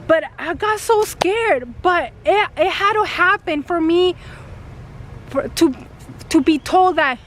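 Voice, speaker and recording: High-voiced woman telling a story animatedly. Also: slow. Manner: animated retelling, acting out quoted dialogue, many fillers. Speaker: spiritual vlogger. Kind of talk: casual storytelling to camera.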